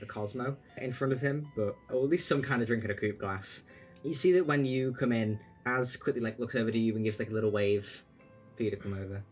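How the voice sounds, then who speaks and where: A man running a tabletop game as game master, narrating loosely with lots of "like" and "sort of". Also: medium pitch.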